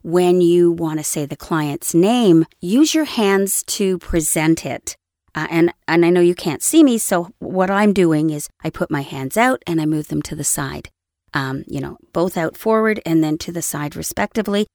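A woman coaching voice actors in an easy, conversational way, slipping into short acted examples to make her points. Her voice sits a little low, and the studio mic sounds close and dry with no room around it. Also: animated, normal speed, darkish tone, no room sound. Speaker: voice-over coach. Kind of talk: instructional talk on voice acting. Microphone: studio microphone.

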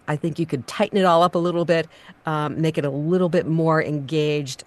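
A woman coaching a voice actor, giving direct feedback with frequent ums. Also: sits low. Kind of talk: casual critique.

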